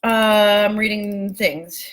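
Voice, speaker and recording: With a medium-pitched, steady voice and a slow delivery, a woman coaches her live-stream viewers. She's affectionate and emphatic, calls them "baby" and "my love," and swears casually as she talks.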